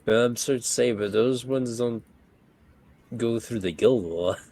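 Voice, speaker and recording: A man's voice: mid-range voice, moderate pace, warm tone. A man playing a tabletop game, joking around casually. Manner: joking, laughing. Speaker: player.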